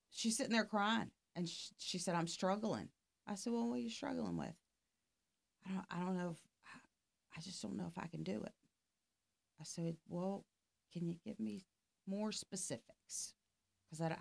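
A woman's voice: on the low side, creaky. A middle-aged woman, a life coach, telling a story in casual conversation and acting out both sides of the dialogue. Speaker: podcast guest, life coach.

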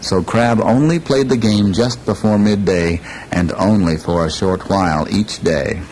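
A man with a low voice tells a children's story in a slow, lilting way, inviting listeners to say the repeated parts with him. A faint rumble runs under the recording. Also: a little mellow, rough recording. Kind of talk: children's story read aloud with sing-along parts.

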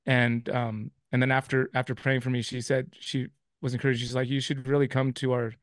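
A man's voice: mid-range voice, flat delivery, brisk, no echo. Man telling his story in a dry room. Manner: rambling, with many restarts and quoted dialogue. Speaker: guest. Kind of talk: telling a personal testimony.

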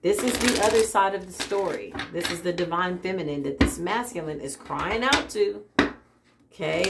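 A woman doing a casual spiritual tarot reading, animated and exclaiming often, with frequent laughs. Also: fairly low pitch, a little fast, heavy background noise. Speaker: tarot reader.

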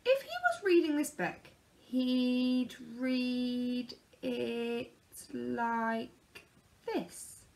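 A woman reading a children's picture book aloud in a lively, expressive way. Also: sits high. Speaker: storyteller.

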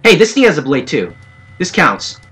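Slightly high and sing-song, a bit bright and a touch rough, this young gamer talks at a moderate pace. He narrates a shooter let's play with sarcasm, playfulness and joking asides over faint game music.

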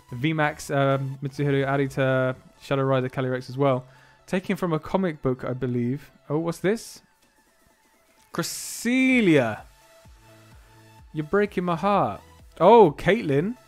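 A man with a slightly raised voice talks in a loose, chatty live-stream manner. He is excitable, laughs easily and lets some remarks drop to a near whisper. Soft music plays quietly underneath. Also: fairly high pitch. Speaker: streamer opening trading card boxes. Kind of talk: casual live-stream chat.

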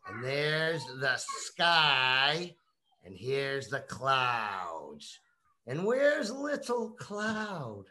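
A woman teaching young children, reading a picture book aloud in a slow, coaxing way and prompting them to repeat words. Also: low-pitched, bright, forceful tone. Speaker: kindergarten teacher.

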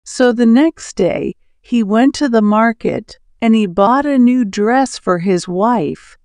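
A woman narrating a simple story for English learners, reading with careful, measured delivery. Her voice is very slow and crisp, with a dry, close sound. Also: on the high side, a little mellow, dry recording.

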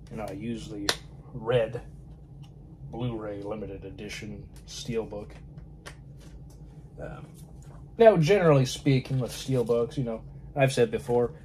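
A man's voice: mid-range voice, mellow, slight background noise. A man chatting casually about films, rambling and often trailing off to a murmur. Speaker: film vlogger. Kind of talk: casual film chat.

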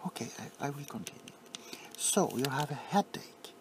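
A man playing an overly attached, sentimental pharmacist in a whispered role-play, softly fussing and apologizing. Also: fairly high pitch, lively intonation, moderate pace, background noise, natural voice. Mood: sweetly doting.

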